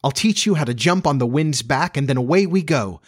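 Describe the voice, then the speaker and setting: A cocky, boastful boy from a storybook, played by a man reading aloud. His voice is lifted and bouncy, full of swagger and quick enthusiasm, swinging up and down as he boasts and coaxes. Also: on the high side, lively intonation, husky, voice pushed up. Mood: enticing. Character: cocky, boastful boy who never grows up.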